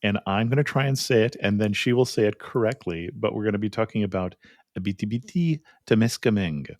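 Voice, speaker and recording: A man's voice: lowish voice, fairly even intonation, fast talker, dry recording. Upbeat man hosting a travel podcast. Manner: upbeat, self-mocking about pronunciation. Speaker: podcast host. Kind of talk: podcast interview and ad reads. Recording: dry close sound.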